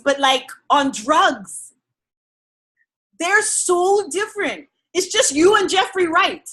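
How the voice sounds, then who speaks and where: A woman chats in an animated storytelling way, often laughing. Her voice is high and bright, and it leaps all over the scale. She swings from loud outbursts to soft, muttered asides. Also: a little slow.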